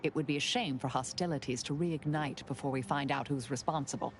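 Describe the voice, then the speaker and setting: A woman voicing a calm, formal female factory owner in a video game. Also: extremely low pitch, a little hiss or hum. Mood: measured. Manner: formal, measured. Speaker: game character. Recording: game audio with music underneath.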